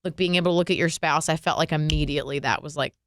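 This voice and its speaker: A young woman with a low, smooth voice tells a personal story on a podcast. She talks in a casual, animated way, with plenty of fillers and emotion. The recording is dry and close. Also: quick pace, dry recording. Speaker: radio and podcast co-host.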